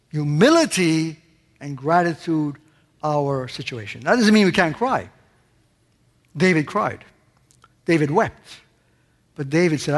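Male pastor, high-pitched, impassioned preaching with big rises and hushed drops, long hall echo. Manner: impassioned preaching, rising high on questions and dropping to a hush. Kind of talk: sermon.

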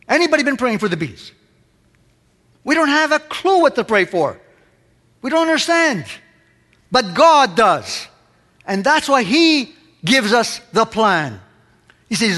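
A male pastor delivers an impassioned sermon in a high voice and keeps pressing the congregation with question after question. His words ring out with a long reverb, as if in a large hall. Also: very animated, a little slow, pauses often, bright, forceful tone.

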